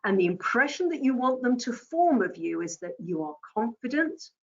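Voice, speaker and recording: A woman giving a presentation-skills lesson, speaking deliberately and repeating her key points. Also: on the high side, sing-song, muffled recording. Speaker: communication trainer. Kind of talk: presentation skills coaching talk.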